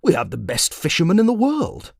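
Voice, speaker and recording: A man's voice: fairly high pitch, huge pitch swings, brisk, gravelly, slightly rough, dry recording, studio quality, pitched above the performer's own voice, exaggerated voice. A man voicing an idle, pompous and dim-witted king who blusters and gets flustered. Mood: blustering.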